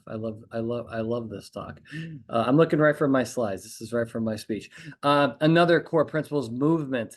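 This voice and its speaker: A man hosting a podcast, coaching lawyers on courtroom speaking in an emphatic monologue. He repeats his points and keeps checking in with "okay?". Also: medium pitch. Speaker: trial consultant podcast host.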